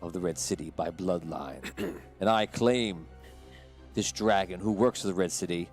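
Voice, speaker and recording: A man voicing an arrogant male usurper who claims a throne by bloodline, speaking slowly and with command. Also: deep voice, faint music behind, pitched below the performer's own voice, lightly acted. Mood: threatening. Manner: haughty and commanding, slow deliberate delivery.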